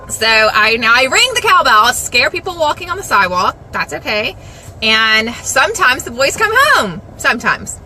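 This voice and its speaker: A middle-aged woman, talking casually and devotionally to the camera in a chatty, self-deprecating way with lively asides. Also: on the high side, slight background noise, low-quality recording. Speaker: Christian vlogger.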